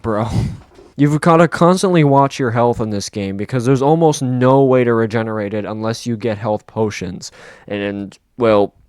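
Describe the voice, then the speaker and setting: A young man talking through a video game review with upbeat energy, tossing in jokes and slang. His voice comes across smooth and clear, recorded close and dry with no room sound. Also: medium pitch, normal speed, a little mellow, dry recording. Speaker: gaming video creator. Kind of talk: casual game review voice-over.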